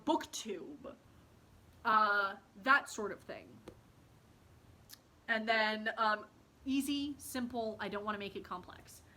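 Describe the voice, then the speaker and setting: A woman's voice: medium pitch, sharp tone. A young woman vlogging casually to the camera about her reading and writing, rambling and self-deprecating, with lots of fillers.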